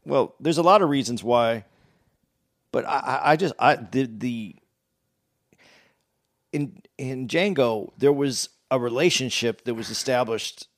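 A man's voice: medium pitch, a little slow, pauses often. A man co-hosting a podcast, talking casually, restarting his sentences often as he explains his opinion at length. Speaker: podcast co-host.

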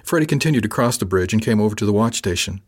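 A man with a fairly low voice reads a first-person audiobook. His delivery is measured and even, a steady storyteller. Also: slightly rough. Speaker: audiobook narrator.

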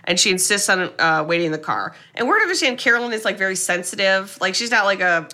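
A young woman chats through a film's plot in an animated, casual way. Her voice is bright and clear. She slips into the characters' lines as she goes. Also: mid-range voice, quick pace. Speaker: podcast co-host. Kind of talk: casual chat recapping a film.

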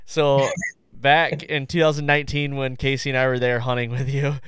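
A man hosting a podcast, telling a story in a loose, animated and profane way. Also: mid-range voice, moderate pace, clear, resonant tone, no room sound, clean studio sound. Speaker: podcast host. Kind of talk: casual storytelling chat.

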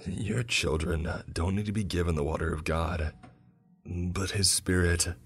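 Guy reading a hushed solemn pastor, real deep, slow n grave. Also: fairly even intonation, breathy edge, faint music behind, heavily acted. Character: solemn middle-aged male pastor, exorcist.

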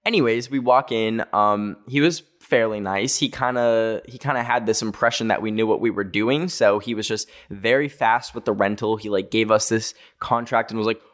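A young man from North America telling a travel story in a chatty way, with lots of "like" fillers and quick self-corrections. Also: lowish voice, fairly bright tone. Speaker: vlogger. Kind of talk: casual storytelling.

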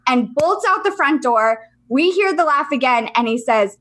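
A young woman with a fairly high voice tells a ghost story on a casual podcast. She is animated and laughs often, and she swears freely as the tale builds. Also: moderate pace. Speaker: podcast co-host.

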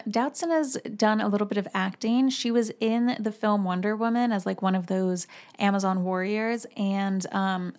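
A young woman hosting a podcast in casual chat. Her voice is sore and slightly hoarse, and she talks in a chatty way full of fillers. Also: mid-range voice. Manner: chatty, filler-heavy, with many "like"s. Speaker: podcast host.

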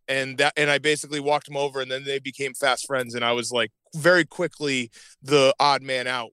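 A man's voice: medium pitch, fairly even intonation, fairly quick, hardly any pauses, bright, forceful tone, clean tone, no echo. A man talking as a podcast guest in casual chat, eager and emphatic, often repeating himself for emphasis.

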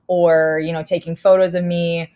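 Chatty young woman guest on a podcast, low-ish voice, lots of likes and laughs. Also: little pitch movement, normal speed, mellow. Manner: chatty, laughs often, many fillers. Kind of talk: casual chat.

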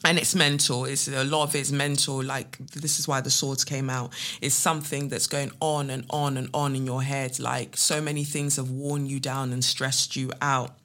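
A woman talks through her podcast from her living room. Her voice is bright and forward. She chats in a loose, playful way, mixing jokes with earnest spiritual talk and a tarot reading. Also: a bass voice, normal speed, few pauses. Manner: chatty, playful and animated, with spiritual asides. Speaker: podcast host.

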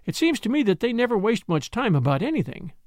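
A man reading a novel aloud and voicing an earnest young woman traveler in a softly raised voice. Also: sits high, sing-song, quick pace, no room sound, clean studio sound, pitched above the performer's own voice. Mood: wry. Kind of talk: audiobook character voice.

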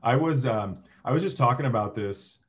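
Male podcast co-host, wry banter, mid-pitched everyday voice. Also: expressive, normal speed. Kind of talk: casual chat.

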